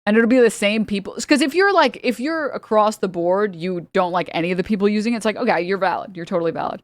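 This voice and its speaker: A young woman streamer talks in a rambling, exasperated way, with a sarcastic edge. Her pitch sits in an ordinary middle range. The sound is dry and close, with no room in it. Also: quick pace, no echo. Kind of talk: casual stream chat.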